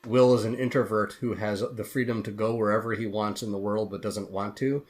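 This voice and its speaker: A man's voice: fairly low pitch, fairly even intonation, a little fast. A man, a guest author on a podcast interview, telling his story in an earnest, heartfelt way.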